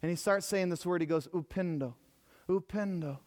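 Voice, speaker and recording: Preacher, male, high-pitched, swings between fervent calls and quiet storytelling. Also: steady tone, fast, clear, resonant tone. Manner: emphatic, swinging from loud exhortation to hushed storytelling. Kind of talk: sermon.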